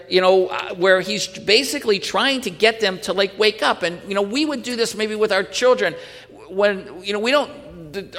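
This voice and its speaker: A man's voice: high voice, fairly bright tone, long reverb tail. A male pastor teaching a sermon in earnest, pressing the point with rhetorical questions and restarting his sentences.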